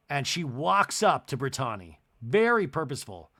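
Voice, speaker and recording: A man's voice: a little high, brisk, hardly any pauses. A young man hosting a comedy podcast, recapping a reality show and acting out the cast's lines with exaggerated voices. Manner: animated, mimics cast members with exaggerated voices and laughs.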